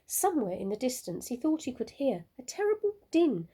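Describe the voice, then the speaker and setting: A woman teacher reading a picture book aloud to children in a slow, expressive storytelling manner. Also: sits high, slightly rough.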